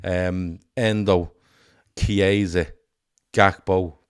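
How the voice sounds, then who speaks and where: Male podcast host, lower register, loose jokey delivery with plenty of laughs and swearing. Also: steady tone, drawn-out words, clean tone. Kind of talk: casual football podcast chat.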